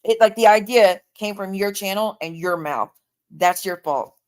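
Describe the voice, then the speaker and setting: A woman's voice: mid-range voice, normal speed. Heated, profane woman ranting on a livestream. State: tired. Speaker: livestream host. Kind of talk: angry livestream rant.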